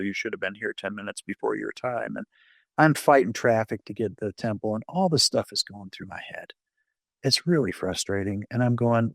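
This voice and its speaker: A man speaking as a podcast guest, sharing a personal testimony in an animated storytelling way, acting out his own inner thoughts and often restarting his sentences. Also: on the low side, no echo.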